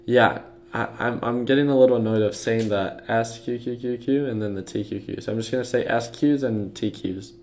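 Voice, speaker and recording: Speaking briskly in a mid-range, slightly mellow voice with fairly even intonation, a young livestream host gives casual stock market commentary to live viewers. He talks loosely through charts with lots of fillers and restarts, against slight background noise.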